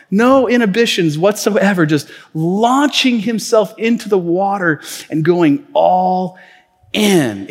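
A man preaching a sermon as pastor, telling stories casually with lots of fillers. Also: high voice. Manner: conversational storytelling with many fillers. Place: church auditorium. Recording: reverberant church hall.

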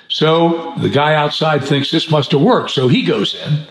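A man's voice: fairly high pitch, normal speed. Chatty male podcast host in an echoey room. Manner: animated joke-teller, laughs easily. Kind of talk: conversational interview with storytelling.

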